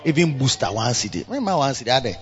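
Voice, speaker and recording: A man with a Ghanaian accent preaching a church sermon, swinging between loud exhortation and quiet asides, slipping Twi phrases in among the English. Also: mid-range voice, sing-song, rapid-fire, highs cut off. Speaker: pastor. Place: church service.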